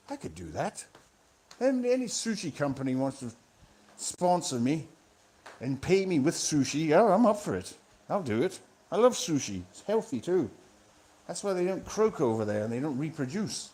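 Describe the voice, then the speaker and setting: A man's voice: mid-range voice, very animated, normal speed, darkish tone, husky. A man rambling through a live stream monologue in a sweary, self-mocking way, talking close into a phone. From Scotland. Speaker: vlogger. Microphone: phone held close to the mouth.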